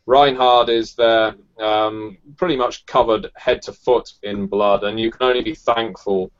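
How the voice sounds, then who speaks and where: A man narrating as game master in a tabletop role-playing game, measured and hesitant with fillers. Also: on the low side, steady tone, muffled recording.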